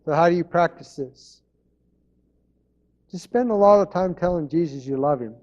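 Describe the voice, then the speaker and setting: Man, pastor, earnest sermon, repeats phrases, somewhat high voice, muffled lo-fi sound. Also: moderate pace, darkish tone.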